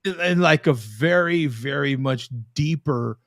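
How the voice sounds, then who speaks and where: Brief: male talk-show host, animated joker, bright and gravelly voice, bone-dry sound. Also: on the high side, takes it slowly, dry recording. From Southern California. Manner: joking, animated, teasing. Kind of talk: casual live-stream chat.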